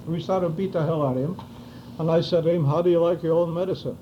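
Older man, oral history interview, acts out dialogue, high voice, faint hiss. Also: quick pace, dark tone, muffled recording. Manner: vivid storytelling, acting out dialogue. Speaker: interviewee recounting wartime memories.

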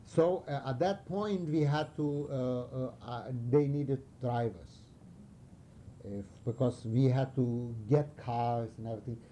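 Older man from Romania for an oral history interview: dark mellow voice, searches for words as he tells his stories. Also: medium pitch, slight background noise. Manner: halting, searching for words, animated storytelling. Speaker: interviewee recalling wartime past.

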